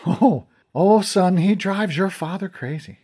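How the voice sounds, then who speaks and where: A man voicing a fond, gently teasing mother in a storybook reading. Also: high-pitched, expressive, a little slow, slightly rough, pitched above the performer's own voice, exaggerated voice. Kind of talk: audiobook character reading.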